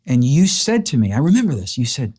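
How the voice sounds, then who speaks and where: Male host, mellow tone, earnest and emotional storyteller in a relaxed sit-down chat. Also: medium pitch, quick pace, slightly rough. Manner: earnest, emotional retelling with restarts. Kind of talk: casual interview storytelling.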